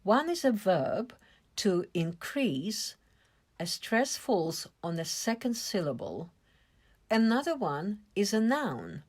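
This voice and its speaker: Slow, lively-voiced woman teaching English. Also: medium pitch, husky. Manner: slow, careful explaining with stressed syllables. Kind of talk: vocabulary lesson.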